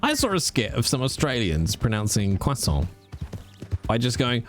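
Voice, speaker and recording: A man streaming a game, chatting casually, animated and swearing freely as he rants. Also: medium pitch, normal speed, soft background music.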